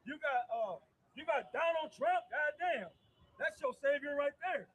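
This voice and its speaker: A man's voice: extremely high pitch, lively intonation, unhurried, a bit bright, low-quality recording. A man preaching with emphatic, repetitive delivery, calling out directly to his listeners. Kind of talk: street-style preaching on a live podcast.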